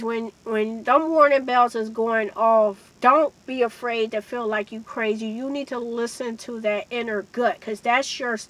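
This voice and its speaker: A woman's voice: on the high side, fairly bright tone, poor audio. A woman vlogger earnestly telling a personal story to her viewers, speaking emphatically and addressing them directly. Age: adult with a child. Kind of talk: emotional storytime monologue.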